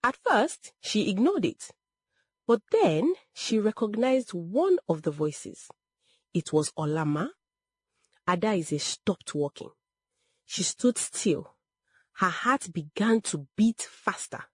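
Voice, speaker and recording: A woman narrating a dramatic story in a slow, expressive, emotional way. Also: mid-range voice, slightly rough, dry recording.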